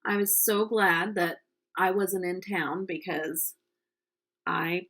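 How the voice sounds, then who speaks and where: A woman's voice: fairly low pitch, fairly even intonation, slow, a bit bright. A middle-aged woman from the United States chatting casually while doing her makeup, telling a story with lots of ums. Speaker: makeup vlogger.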